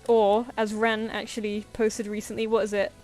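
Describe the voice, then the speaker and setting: A woman's voice: mid-range voice, flat delivery, moderate pace, a little mellow, faint music behind. A young woman chatting casually on a drawing stream, telling anecdotes with frequent laughs and acted-out quotes. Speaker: artist streaming live commissions.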